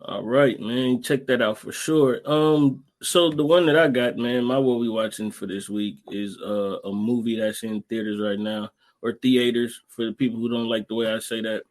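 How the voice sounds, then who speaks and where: A man's voice: mid-range voice, steady tone, moderate pace. A man co-hosting a podcast in casual chat, laid-back and joking, full of fillers. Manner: laid-back, joking, fillers like you know what I'm saying. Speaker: podcast co-host.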